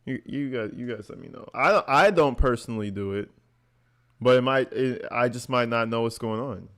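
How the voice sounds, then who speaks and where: A man's voice: medium pitch, normal speed, a bit bright. A man giving blunt, profane reaction commentary, mocking what he hears and laughing often. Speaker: online commentator reacting to recordings.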